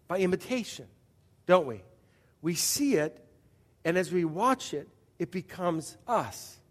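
A man's voice: high voice, long reverb tail. A man pastor preaching a sermon in a conversational way, often asking the audience questions and restarting his sentences.

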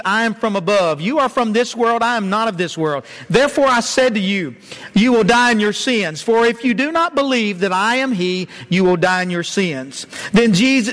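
A man preaching a sermon as pastor, earnest, dropping low and slow to stress key lines. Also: animated, a bit bright.

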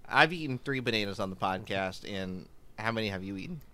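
A young adult man co-hosting a casual podcast, deadpan and hesitant with stumbling restarts. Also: fairly low pitch, brisk, dry recording. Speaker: podcast co-host.

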